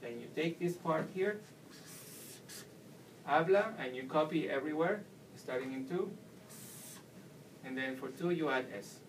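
A man's voice: a little high, moderate pace. Man teaching at a distant whiteboard. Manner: patient, explains step by step. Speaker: Spanish teacher. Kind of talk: whiteboard language lesson. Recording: distant mic with faint room noise.

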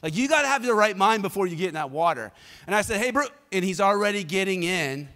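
Pastor, male, fairly high voice, lively conversational preaching that calls on the congregation, long church reverb. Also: fast talker. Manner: energetic, conversational, prompts the congregation to respond. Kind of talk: sermon with personal storytelling.

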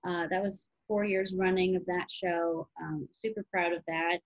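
A woman's voice: on the low side, fairly even intonation, moderate pace, muffled recording. Chatty woman guest in her thirties. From Chicago. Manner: chatty, many fillers like "you know" and "um". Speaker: actress guest. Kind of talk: casual interview chat.

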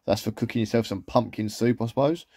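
Male vlogger, easygoing and rambling, mellow voice, dry close sound. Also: mid-range voice, fast talker, dry recording. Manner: chatty, rambling, with trailing asides. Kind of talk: casual shopping haul commentary.

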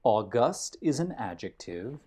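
A man giving a vocabulary lesson while walking outdoors on a hiking trail, in a measured way, defining each word and then restating his example. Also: medium pitch, big pitch swings, darkish tone, husky. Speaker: vocabulary teacher.

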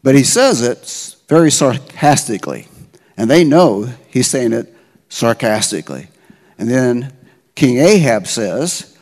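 A man's voice: medium pitch, big pitch swings, measured pace, a little mellow. A middle-aged man preaching as a pastor, retelling a story in casual, slangy words and often checking in with "okay?". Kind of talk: conversational sermon storytelling. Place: church sanctuary. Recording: long church-hall reverb.

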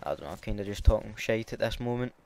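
A man's voice: lowish voice, animated, fast, vocal fry. A Scottish man giving casual, hesitant commentary over his gameplay, with lots of filler ums. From Scotland. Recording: loud game gunfire behind.

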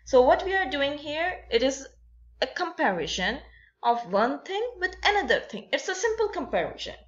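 A woman's voice: high voice, expressive, normal speed. A woman explaining an English lesson to students, often repeating herself and restarting with fillers. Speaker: English teacher. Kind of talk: classroom-style explainer lesson. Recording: dull lo-fi recording.

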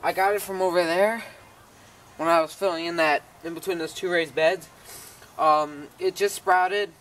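A tired home gardener rambles casually while showing off his outdoor garden, interrupting himself and chatting to his dog as he goes. His voice sits high and is a bit bright, with a steady tone and normal speed, though the recording quality is low.

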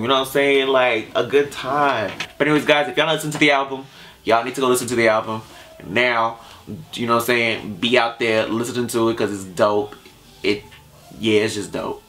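Young adult male vlogger, casual reactor, slangy and animated, mid-pitched voice. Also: moderate pace. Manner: animated, slangy, talks straight to viewers. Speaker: YouTube music reactor.

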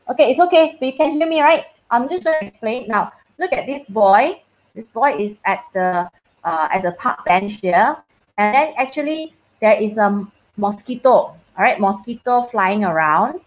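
A woman's voice: on the high side, muffled recording. A woman teacher giving an online science lesson on a video call, chatty and casual, often checking that her students can hear her and slipping in short Mandarin phrases. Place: online class.

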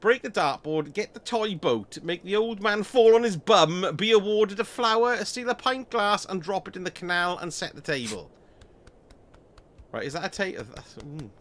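A man talks his way through a game on a live stream, cheeky and chatty, quick to swear and laugh. His voice sits high and leaps about in pitch, with a bright, forceful edge. Faint music plays underneath. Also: lively intonation, a little hiss or hum. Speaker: gaming streamer. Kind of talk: casual let's-play commentary.

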